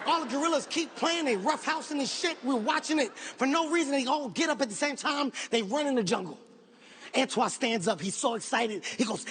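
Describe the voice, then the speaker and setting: A man doing stand-up comedy, telling a profane story in an animated, shouting manner. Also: very high voice, fairly quick, noisy background. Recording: live show with audience ambience.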